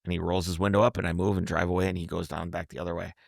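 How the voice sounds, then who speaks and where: Male podcast host, deep gravelly voice, lively raconteur, dry studio sound. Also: racing, no room sound. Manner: animated, acts out quotes, repeats and restarts words. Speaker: podcast host telling a road trip story. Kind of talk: casual storytelling chat.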